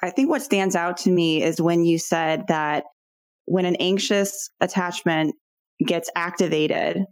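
Woman interviewer, lower pitch, reflective casual talk, dry close recording. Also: measured pace, no echo. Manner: reflective, thinks aloud with repeats. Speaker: interview host.

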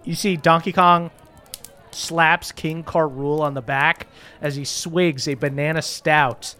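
High-voiced man running a tabletop game. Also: fairly even intonation, a little slow, sharp tone, clear, resonant tone. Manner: many fillers, chuckles while narrating. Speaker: game master.

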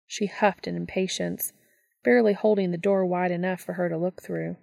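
A woman narrating a fan fiction story as an audiobook in a steady, even reading voice. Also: lowish voice, normal speed, vocal fry, no echo, clean studio sound.

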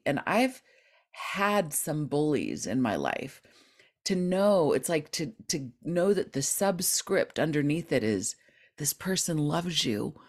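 A woman's voice: deep voice, very animated, slow. A woman hosting a podcast interview who talks in an affirming, emphatic and heartfelt way. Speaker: podcast host.

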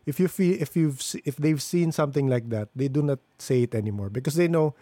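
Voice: medium pitch, brisk, mellow, no room sound. An interviewer talking casually, mostly giving short agreeing replies. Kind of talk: conversational interview.

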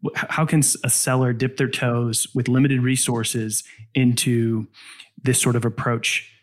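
A man hosting a podcast, asking his guest questions in a relaxed, conversational way. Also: medium pitch, measured pace. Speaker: podcast host. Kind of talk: interviewing.

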